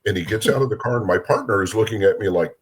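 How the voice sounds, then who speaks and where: Low husky-voiced man telling stories. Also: racing. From Minnesota. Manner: animated, acts out voices in his anecdotes. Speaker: guest police officer. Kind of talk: casual storytelling.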